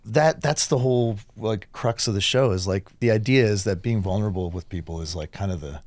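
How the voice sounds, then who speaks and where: A man co-hosting a podcast, talking in a quick, encouraging, warm-hearted way. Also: fairly low pitch, dry recording. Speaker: podcast co-host. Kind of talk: casual chat.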